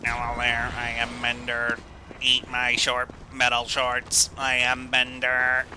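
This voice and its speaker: Bender, a man doing a slow, stiff robot voice. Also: medium pitch. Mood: boastful. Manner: slow, flat, mechanical robot delivery. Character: silly male robot, boastful and stiff. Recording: noisy game audio behind.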